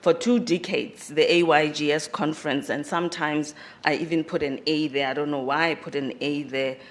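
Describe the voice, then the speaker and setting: A speaker with a self-described squeaky voice gives a formal welcome address at a university conference hall on a podium microphone, halting with frequent fillers and repeated words. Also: fairly even intonation, a bit bright. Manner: rises in pitch and volume on emphasized phrases. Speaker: conference host speaking for the organizers.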